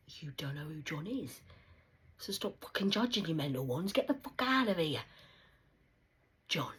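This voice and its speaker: A woman delivering a rambling, profane monologue as a medium channelling spirit messages, swinging between loud outbursts and hushed whispers. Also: low-pitched, lively intonation, measured pace, pauses often. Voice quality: very husky, breathy voice.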